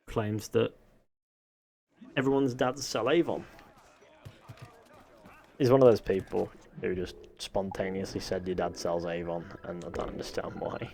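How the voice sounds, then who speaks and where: A man's voice: on the low side, darkish tone. A man from northwest England with a Manchester accent, live-streaming a game, reading chat aloud and joking in a rambling way.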